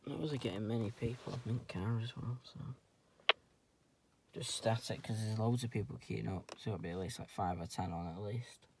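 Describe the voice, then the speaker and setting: A man's voice: fairly low pitch, normal speed, vocal fry, heavy background noise. A man filming himself outdoors on a wooded hill, chatting casually over a handheld radio in slang and radio jargon. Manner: slangy, uses radio jargon, talks loudly when keying up. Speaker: radio hobbyist vlogger. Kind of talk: casual radio chat with commentary. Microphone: handheld radio and camera mic.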